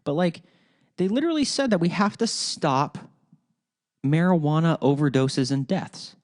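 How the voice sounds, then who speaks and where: Casting note: male podcast host, lively pitch, swearing rants, trips over words. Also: normal speed. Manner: animated, profane, rambling ranting with frequent restarts. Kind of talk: solo podcast rant.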